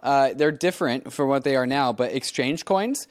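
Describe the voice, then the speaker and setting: A man co-hosting a casual podcast chat, musing out loud in a reflective way, often saying "right" and "like". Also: medium pitch, moderate pace, no echo, clean studio sound. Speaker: podcast co-host.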